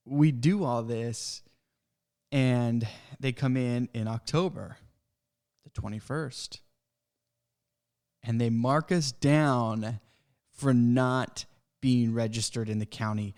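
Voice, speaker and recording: A man's voice: mid-range voice, takes it slowly, pauses often, darkish tone. A man who owns a pest control business, hosting a podcast and venting in a frustrated, worked-up way about an inspection. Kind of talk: casual podcast rant.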